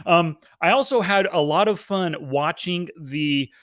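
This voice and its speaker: A man with a high voice co-hosts a podcast, recorded close and dry with no room sound. He talks in a chatty, enthusiastic way and laughs easily during casual conversation about a film. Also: measured pace, a bit bright, no echo. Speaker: podcast co-host. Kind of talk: casual movie review chat.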